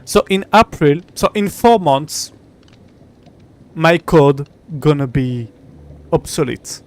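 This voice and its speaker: His voice is on the high side and animated, moving at a slow pace. This young English speaker chats on a live game stream, frustrated, cursing, and muttering to himself.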